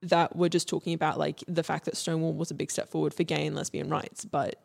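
A woman's voice: low voice, little pitch movement, fast, vocal fry, darkish tone. A young woman co-hosting a casual history podcast, talking with many ums and restarts. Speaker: podcast co-host presenting history.

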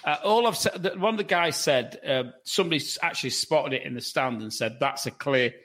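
A man's voice: a little high, a little fast, fairly bright tone, slight background noise. A man on a football podcast panel, rambling with many restarts and question tags. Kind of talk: casual football podcast chat.

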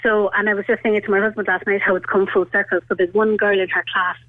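An Irish woman in her thirties calls into a radio show to tell a personal story, rambling and chatty and full of "like" and "you know." Her mid-range voice is level and fast. It comes through a tinny, narrow phone line, and the recording is dry and close.

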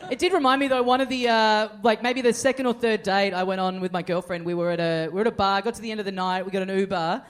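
A man's voice: high voice, fairly even intonation, quick pace, few pauses. A man hosting a live comedy podcast, teasing guests and telling stories with acted-out dialogue. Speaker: podcast host.

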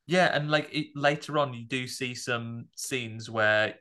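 A man's voice: mid-range voice, unhurried, sharp tone. A man co-hosting a podcast, chatting casually and animatedly retelling horror film scenes. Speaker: podcast co-host.

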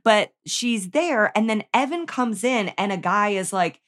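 A woman's voice: medium pitch, lively intonation, a little slow, fairly bright tone. A woman co-hosting a casual TV recap chat. She is chatty and quotes her own reactions with dry jokes. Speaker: podcast co-host.

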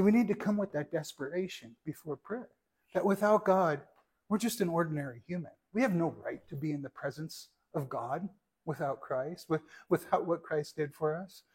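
Male pastor delivering a sermon, earnest and teacherly, asides to the congregation, voice pitched slightly high. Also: a little mellow, slightly rough.

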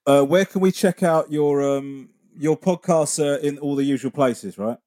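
Friendly podcast host. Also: male voice, a little high, moderate pace, mellow, no room sound, studio quality. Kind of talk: casual interview chat.

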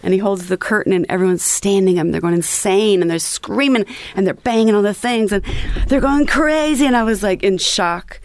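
A woman's voice: mid-range voice, fairly quick, few pauses, no room sound. A woman musician telling stories in a casual interview, rambling with lots of fillers. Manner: rambling, full of "you know" fillers. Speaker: musician guest.

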